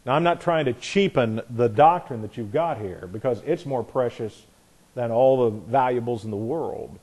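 A man's voice: medium pitch, normal speed, a little mellow. A man teaching a Bible class in an earnest, emphatic way, piling up repeated phrases and often correcting himself mid-sentence. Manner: frequent restarts and self-corrections.

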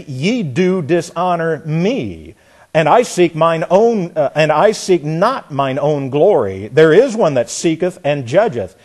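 A male preacher giving a sermon, reading scripture aloud and commenting on it, at times laughing and swinging between loud bursts and near-quiet asides. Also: fairly high pitch, breathy edge. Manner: reads scripture aloud, then comments with sudden bursts and drops in volume.

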